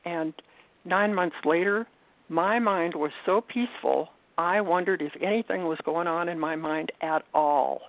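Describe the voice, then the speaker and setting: An older woman giving an earnest personal testimony as an interview guest, halting and restarting as she talks. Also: fairly low pitch. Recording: tinny phone line, dry.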